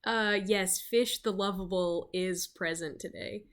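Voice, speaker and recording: A woman narrating as game master of a tabletop game, slow and halting with many fillers. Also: medium pitch, a bit bright.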